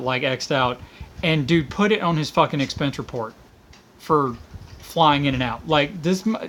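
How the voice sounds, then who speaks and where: Woman teacher vlogging a profane rant; exasperated, self-interrupting, leaps up in pitch mid-sentence. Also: a little hiss or hum. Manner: profane, exasperated, animated with sudden pitch jumps; self-interrupting, restarts often. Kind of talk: casual ranting monologue.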